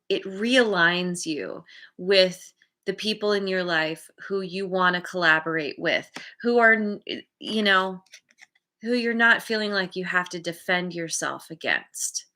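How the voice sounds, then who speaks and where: A woman giving a relaxed tarot reading to her viewers, talking in a loose, chatty way and laughing often. Her voice is bright and clear, and she slips into lively little voices when she acts out how people react. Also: mid-range voice. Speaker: tarot reader. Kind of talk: casual spoken tarot reading.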